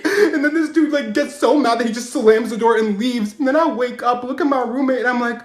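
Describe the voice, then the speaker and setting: A young man telling comedic storytime anecdotes in an animated way, acting out the voices of people in his stories and laughing as he goes. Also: extremely high pitch, quick pace, few pauses. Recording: roomy echo.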